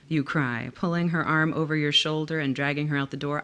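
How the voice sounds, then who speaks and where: A woman author reading from her own novel in a measured, expressive way. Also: low-pitched.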